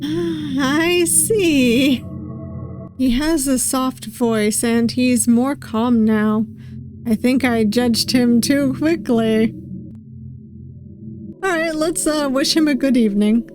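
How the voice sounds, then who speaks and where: A woman streaming a story game, reading its dialogue aloud and musing softly between lines. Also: fairly high pitch. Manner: musing, reads lines slowly with soft asides. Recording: game music playing behind voice.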